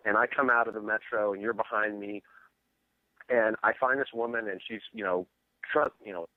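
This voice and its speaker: A man's voice: fairly low pitch, fairly even intonation, moderate pace, no echo. Man storytelling over a tinny phone line. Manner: rambling storyteller. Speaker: podcast guest. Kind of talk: casual chat.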